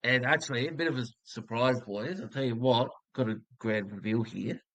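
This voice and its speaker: A man's voice: medium pitch, normal speed, a bit bright, dry recording, poor audio. An Australian man co-hosting a casual sports chat with dry, joking asides. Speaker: co-host.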